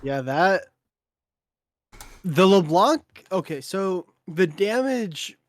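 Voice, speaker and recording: A man giving color commentary on a live esports match, laid-back and halting, with many fillers. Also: sits high, very animated. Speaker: esports co-caster.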